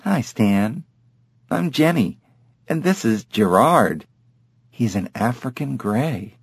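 A man's voice: medium pitch, expressive, slow pace, vocal fry, breathy edge, dry recording, heavily acted. A man voicing a breezy, offhand young woman.

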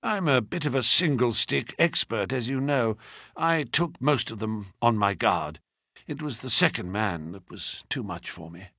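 Guy doing hurt detective, hoarse weak mutter, raspy, dry close sound. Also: expressive, measured pace, no room sound, heavily acted. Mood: weak, reassuring. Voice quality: hoarse weak whisper-like murmur. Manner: low, quiet, muttered. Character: injured male detective, weak, hushed, scheming. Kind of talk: audiobook character reading.

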